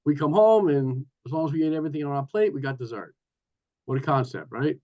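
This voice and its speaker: A man in his sixties from New York, sharing his recovery story at a meeting in a lively, joking way over a video call. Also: a little high, fast talker, lo-fi sound. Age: 60s. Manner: lively storytelling with playful asides. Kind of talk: personal recovery share.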